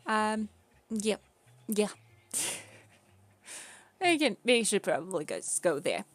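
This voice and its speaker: Slow, giggly Swedish woman streaming. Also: medium pitch, sing-song. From Sweden. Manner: chatty, giggly, rambling with repeated words. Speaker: game streamer. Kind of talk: casual chat while streaming a game.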